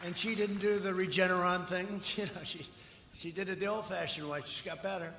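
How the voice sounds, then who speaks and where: An older man speaking at a campaign rally, rambling and boastful, swinging between shouted lines and muttered asides. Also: high-pitched, fairly even intonation, a little fast. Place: outdoor rally. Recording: echoey outdoor rally with long reverb and faint crowd noise.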